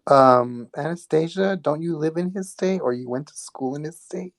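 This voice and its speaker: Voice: medium pitch, moderate pace. A livestream host chatting casually with guests and teasing viewers by name over a phone mic. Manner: teasing, reads viewer names aloud. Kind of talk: casual group chat on a livestream.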